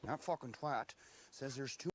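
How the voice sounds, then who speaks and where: A man's voice: medium pitch, normal speed, close to an everyday voice. An actor playing a blunt, crude small-town guy in sitcom dialogue.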